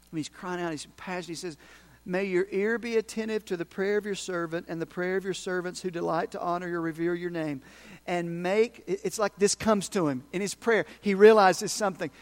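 A pastor with a fairly high male voice delivers a passionate sermon, interspersing brief acted-out prayers and side remarks to his congregation.

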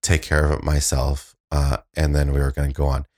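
Man, very low voice, podcast co-host, middle-aged, hesitant, lots of fillers. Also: monotone, fairly quick, darkish tone. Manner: hesitant, filler-heavy, sheepish. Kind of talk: casual storytelling chat.

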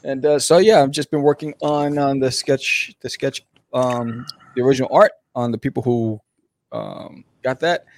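A man's voice: medium pitch, normal speed. A man co-hosting a casual chat, laid-back with slang and lots of fillers. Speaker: podcast co-host, comic artist.

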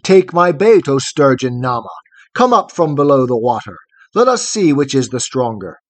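A man voicing a proud, boastful young male hero who shouts scornful challenges in a storybook poem. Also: medium pitch, big pitch swings, unhurried, slightly rough, no room sound. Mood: challenging.

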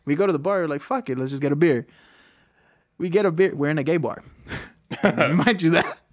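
A young man telling a story to friends, slangy and halting, often restarting his sentences. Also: fairly high pitch. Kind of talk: casual storytelling.

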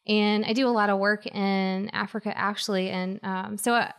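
A woman guest telling a personal story in an earnest, halting way with many fillers. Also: mid-range voice, fairly even intonation, smooth.

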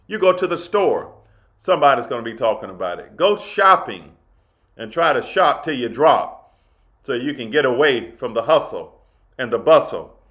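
A man hosting a spiritual coaching podcast, giving a motivational talk in an emphatic, deliberate way and repeating his key phrases. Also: mid-range voice, a bit bright.

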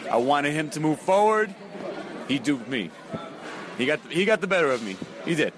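A man's voice: fairly high pitch, very animated, moderate pace. A man from the Bronx, a wrestler, answering post-match questions in an earnest, rambling way. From the Bronx, New York. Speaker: pro wrestler. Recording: crowd noise outdoors.

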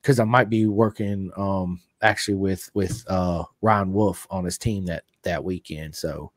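A man's voice: deep voice, fairly even intonation, measured pace, dry recording, studio quality. A middle-aged man hosting a podcast, chatting in a rambling, enthusiastic fan's way. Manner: enthusiastic, rambling fan talk. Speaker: podcast host. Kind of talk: casual interview chat.

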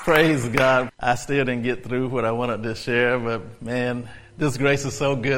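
A man preaching a sermon, storytelling in a conversational way before building to loud, excited preaching. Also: mid-range voice, normal speed, soft background music.

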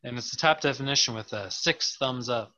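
A man's voice: medium pitch, brisk, pushed and bright, muffled recording. A man co-hosting a casual comedy podcast, reading definitions aloud and laughing often. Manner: giggly, reads definitions aloud with frequent laughter. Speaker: podcast co-host.

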